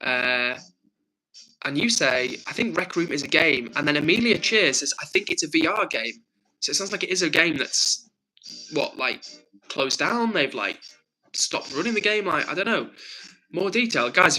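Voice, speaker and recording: A man's voice: on the high side, sharp tone, rough recording. A young man from England hosting a live stream, reading out chat messages and answering viewers in a friendly, chatty way, with a frog in his throat. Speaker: livestream host.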